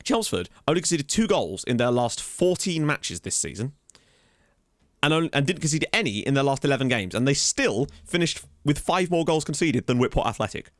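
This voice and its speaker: A man's voice: mid-range voice, sing-song, moderate pace, dry recording, studio quality. A man hosting a football management game let's play, chatting casually and thinking aloud as he reads through stats, easily amazed.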